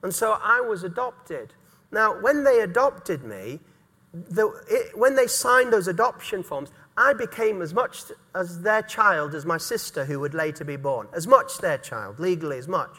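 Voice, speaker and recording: A man's voice: high-pitched, animated, a little slow, bright, forceful tone, big-room sound. A middle-aged man from England, preaching a sermon earnestly and repeating key words for emphasis. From North East England. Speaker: pastor.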